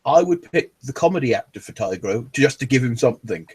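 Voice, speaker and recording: Jokey man with a lively voice. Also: mid-range voice, a little fast, breathy edge. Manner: jokey anecdote-telling, breaks into laughs. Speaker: podcast co-host. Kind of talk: casual chat on a live stream.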